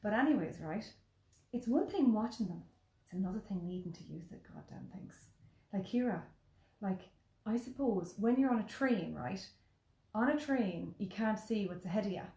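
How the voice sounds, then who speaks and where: An Irish woman telling a story in casual, animated chat, full of "like" and the odd swear word. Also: medium pitch, normal speed. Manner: animated, chatty, peppered with swearing and "like". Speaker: podcast host. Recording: roomy echo.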